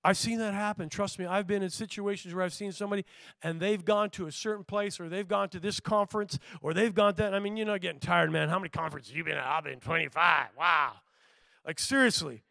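A male pastor preaching a sermon, acting out the people in the story and swinging from soft asides to loud peaks. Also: sits high, brisk, gravelly, no room sound. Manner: acts out voices of people in the story.

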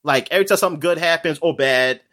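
A man talking in a casual, rambling chat, animated and full of fillers, laughing often. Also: a little high, fast talker.

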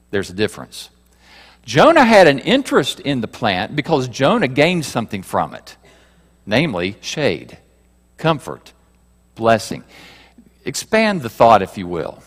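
A man preaching a sermon to his congregation, asking rhetorical questions and moving between loud emphasis and quiet asides. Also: mid-range voice, wildly swooping pitch, moderate pace, long pauses, long reverb tail. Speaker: pastor.

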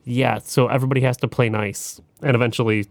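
A man's voice: medium pitch, steady tone, quick pace, vocal fry, no room sound. Easygoing man trading trivia on a podcast. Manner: easygoing, adds trivia and references. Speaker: podcast co-host. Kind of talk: casual chat.

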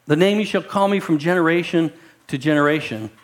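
A pastor preaching a sermon in a conversational way, repeating words and building emphasis. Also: male voice, fairly high pitch, a little fast.

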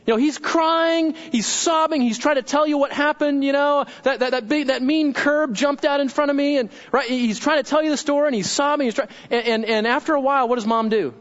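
High-voiced male pastor preaching, chatty, keeps saying right?, muffled lo-fi recording. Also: brisk, few pauses, a bit bright. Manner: conversational preaching, tags points with "right?"; repeats phrases and restarts mid-sentence. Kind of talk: sermon. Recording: dull lo-fi sermon recording.

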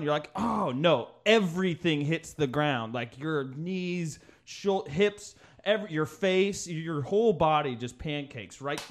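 A young man in casual podcast chat, telling a story with laughter and acting out other people's voices. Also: fairly high pitch.

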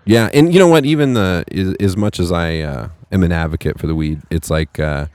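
A man's voice: deep voice, a little fast, a little mellow, dry recording. A man in his thirties co-hosting a podcast, chatting loosely and cussing freely. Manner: loose, profane, rambling. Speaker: podcast co-host. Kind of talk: casual chat. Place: local market at an art college.

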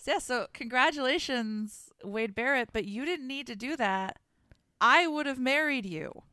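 Playful woman with a lively, swinging voice. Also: high voice, a little slow, dry recording, clean studio sound. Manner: joking, playful, does voices. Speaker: podcast co-host. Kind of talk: casual chat.

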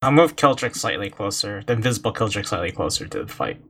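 A man's voice: lowish voice, huge pitch swings, quick pace, vocal fry. A man playing a tabletop game, talking bluntly and swearing casually. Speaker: player. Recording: noisy background.

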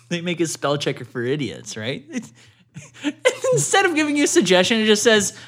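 A young man co-hosting a podcast in casual chat, teasing his co-host with deadpan jabs and laughing often. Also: high-pitched, a little slow.

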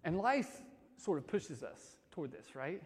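A man giving a sermon as a pastor, conversational and casual, swinging between loud emphasis and soft, quiet stretches. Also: fairly high pitch, sing-song, a little slow, breathy edge, in a large hall.

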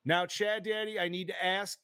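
A man hosting a casual movie-review podcast, excitable, swearing often and saying dude a lot. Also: sits high, moderate pace, clear, resonant tone, no room sound, studio quality. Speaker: podcast host.

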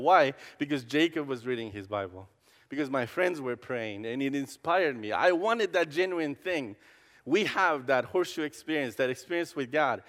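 A man's voice: fairly high pitch, a bit bright. A campus pastor giving a conversational personal testimony sermon, restarting his sentences often and acting out the dialogue in his stories. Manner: conversational, with frequent restarts and fillers; acts out dialogue in storytelling. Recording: long hall reverb.

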